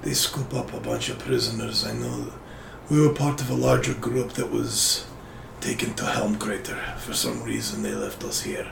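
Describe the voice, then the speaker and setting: A man voicing a weary dwarf prisoner with a put-on Russian accent, giving short, flat answers. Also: on the low side, normal speed, gravelly, a little hiss or hum, pitched below the performer's own voice, exaggerated voice. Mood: hushed. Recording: roomy echo.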